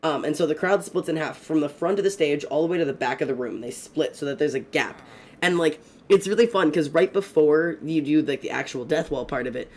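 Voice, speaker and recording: A young man streaming a game, telling stories in a fast, rambling, excitable way, swearing often. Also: a little high. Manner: excitable and profane, fast rambling storytelling with many fillers. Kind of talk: casual gaming stream chat.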